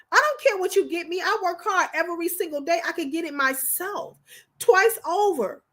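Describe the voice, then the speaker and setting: A woman's voice: very high-pitched, bright, forceful tone. A woman hosting a livestream, talking casually and emphatically, often repeating herself for effect. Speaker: livestream host.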